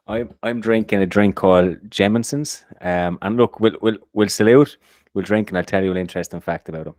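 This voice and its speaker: Male podcast co-host, very low voice, upbeat, stumbling restarts, dry close recording. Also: a little fast, a little mellow, dry recording. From Ireland. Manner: upbeat, repeats words when starting sentences. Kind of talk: casual chat.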